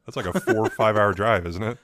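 A man's voice: fairly low pitch, fast talker, a bit bright, no room sound, studio quality. A man in casual chat, blunt and jokey, swearing freely.

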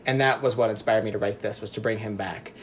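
A man's voice: lowish voice, fairly even intonation, quick pace, a little hiss or hum. A young man casually describing his novel on a podcast, rambling with fillers and poking fun at himself. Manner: self-deprecating, rambling with fillers. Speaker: podcast co-host and author. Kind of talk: casual chat.

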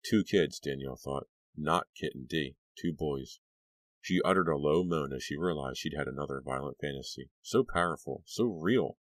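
A man narrating an audiobook with an expressive, dramatic reading. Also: extremely low pitch, normal speed, dry recording. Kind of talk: scripted narration.

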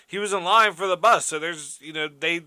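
A man co-hosting a podcast, animated and giggly, talking loosely and saying "like" a lot. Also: sits high, brisk, clean tone, no room sound. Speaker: podcast co-host. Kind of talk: casual chat.

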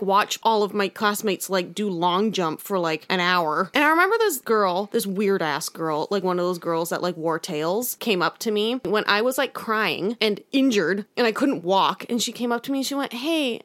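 A young woman telling a school story in casual chat, swearing freely and animated. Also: mid-range voice.

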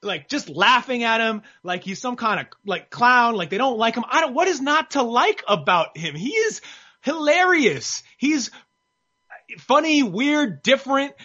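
High bright-voiced guy rambling excitedly on a podcast, kinda muffled lo-fi mic. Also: unhurried. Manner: rambling, excitable, many restarts. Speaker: boxing podcast co-host. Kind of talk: casual sports chat.

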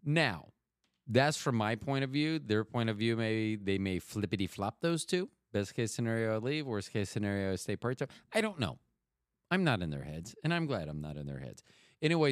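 A man's voice: lowish voice, smooth, no room sound, clean studio sound. A man hosting a podcast, talking casually in a rambling, chatty way that keeps interrupting itself. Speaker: podcast host.

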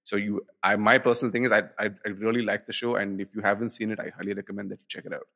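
A young man with a low-pitched, gravelly voice, talking casually on a podcast. He speaks haltingly, restarting phrases and repeating words. There is a steady creak in his tone. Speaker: podcast co-host. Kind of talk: casual chat.

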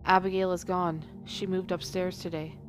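A woman's voice: fairly low pitch, flat delivery, normal speed, soft background music, lightly acted. A woman reading out a hot-tempered, foul-mouthed man's lines from a play script. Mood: flat. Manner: read aloud from a script, blunt.

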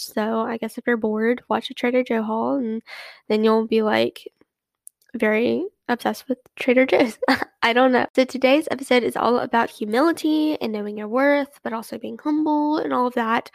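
A woman's voice: a little high, gravelly, dry recording. A young woman hosting a casual solo podcast, chatty and rambling, full of fillers and restarts. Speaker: podcast host.

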